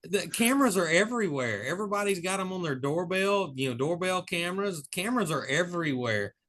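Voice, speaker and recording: Brief: man, mid pitch, bright forceful tone, joking host. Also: animated. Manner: joking, quick to laugh, wry asides. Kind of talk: casual podcast chat.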